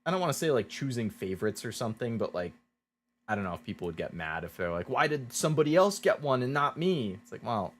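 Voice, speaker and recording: A man's voice: medium pitch, sing-song, quick pace. A male streamer chatting casually while playing a game, rambling with lots of "like"s.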